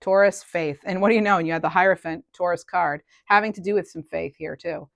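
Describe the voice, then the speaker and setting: A woman's voice: on the low side, steady tone, a little fast, vocal fry, dry recording. A woman giving a casual collective tarot reading, chatty and thinking aloud, often trailing off and restarting. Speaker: tarot reader.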